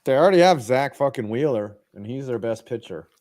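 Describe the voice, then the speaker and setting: A man hosting a casual podcast, swearing and joking while calling each pitch of a baseball game. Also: lively intonation, a little fast, a little mellow. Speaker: podcast host. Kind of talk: casual chat with live baseball play-by-play.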